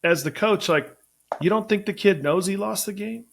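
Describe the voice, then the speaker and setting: A man's voice: high voice, moderate pace, creaky, slight background noise. A man hosting a casual talk show about coaching, emphatic and exasperated as he makes his case, swearing casually. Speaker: podcast host, catching coach. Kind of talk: casual conversational chat.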